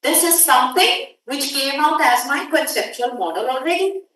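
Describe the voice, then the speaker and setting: High-voiced woman lecturing in echoey hall. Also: animated, fairly bright tone. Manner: brisk, directive, urges students to hurry. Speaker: workshop instructor. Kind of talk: classroom lecture. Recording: echoey room audio from far off.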